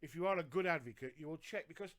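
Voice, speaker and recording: Brief: man, podcast co-host, earnest, slightly high voice, drives his points home by repeating them. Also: very fast, a bit bright. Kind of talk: casual live podcast chat.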